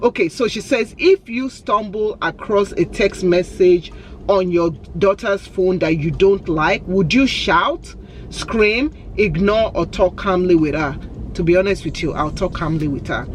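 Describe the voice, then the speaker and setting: A woman's voice: on the low side, unhurried. Brief: woman, forties, candid vlogger, laughs easily, faint hiss behind. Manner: chatty and candid, laughs often. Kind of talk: casual Q&A vlog.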